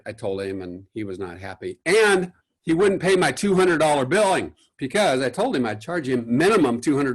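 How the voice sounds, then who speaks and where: A man giving a recorded lecture on caring for artworks, at a middle pitch. He tells stories in a rambling way, with many "uh"s and false starts, and acts out the voices of clients on the phone. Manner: storytelling, acts out quotes, many fillers and restarts. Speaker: art conservator giving a lecture.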